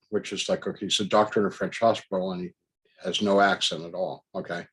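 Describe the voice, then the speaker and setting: A man tells a personal story in a loose, conversational testimony style. He rambles, corrects himself mid-sentence and keeps slipping in little asides. His voice sits fairly low and has a husky edge. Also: steady tone, fast, fairly bright tone, low-quality recording. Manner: rambling and conversational, full of "you know" and self-corrections. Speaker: speaker recounting a personal experience. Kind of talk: casual spoken testimony.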